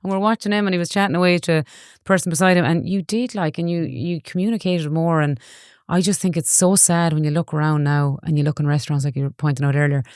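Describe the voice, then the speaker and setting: A woman's voice: sits low, fairly even intonation, fast, darkish tone, clean tone, no room sound, clean studio sound. A woman in her forties with a Galway Irish accent, a guest in an interview who tells stories in an earnest, chatty way. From Ireland. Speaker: guest, online safety educator. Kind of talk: casual interview chat.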